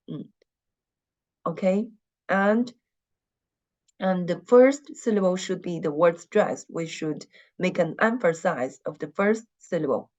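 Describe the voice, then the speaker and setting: Slow patient woman teaching a class. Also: on the low side, a little mellow, muffled recording. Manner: slow, patient, repeats words for students to echo. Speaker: Chinese language teacher. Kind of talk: online class lesson.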